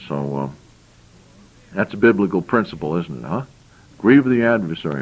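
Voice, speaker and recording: A man's voice: deep voice, expressive, brisk, slightly rough, rough recording. A man preaching a sermon, reading scripture verses aloud and explaining them, with frequent repeated phrases.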